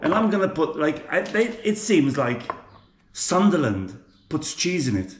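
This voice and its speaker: A man with a Birmingham accent talks his viewers through a home-cooked dish in a loose, joking, rambling way. His voice sits a little high. The GoPro recording carries a clear echo from the kitchen around him. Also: big pitch swings, measured pace. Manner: chatty, jokey, rambling. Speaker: cooking vlogger. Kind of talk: casual cooking vlog. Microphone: GoPro camera. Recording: echoey room.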